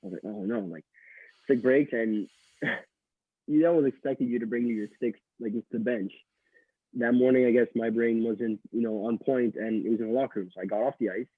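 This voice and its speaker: A young man from Quebec, Canada, a college hockey player, rambles through stories as a guest in a casual interview, full of fillers and restarts. His voice is medium-pitched with a breathy edge. The recording is dry and tinny, like call audio.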